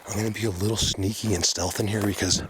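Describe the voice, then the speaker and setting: A man narrating to camera as an outdoor explorer vlogger, hushed and excitable, often dropping to a whisper. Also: fairly low pitch, quick pace, background noise. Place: outdoors in woods.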